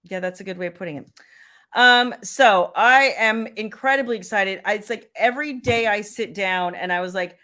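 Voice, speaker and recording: A woman's voice: mid-range voice, normal speed, bright, forceful tone. A woman, chatting casually and laughing as host of a livestream. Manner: chatty, laughing, Southern "y'all". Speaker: romance author and livestream host.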